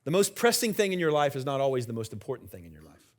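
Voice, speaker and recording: With huge pitch swings in a mid-range voice and a fast delivery, a middle-aged senior pastor preaches a conversational sermon. He jokes with the live congregation gathered in the church sanctuary.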